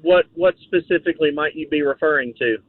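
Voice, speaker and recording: A man's voice: a little high, brisk, no echo. A man calling in to a radio show, polite and a little hesitant, with dry jokes. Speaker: caller. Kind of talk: call-in radio conversation. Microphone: telephone. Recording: tinny phone line.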